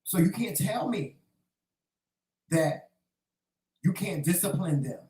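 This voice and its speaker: A man's voice: high-pitched, animated, takes it slowly, mellow, echoey room, low-quality recording. A man hosting a casual livestream talk show, delivering a sassy, profane, preachy monologue and calling listeners "child" and "honey". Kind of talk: casual monologue to a live chat.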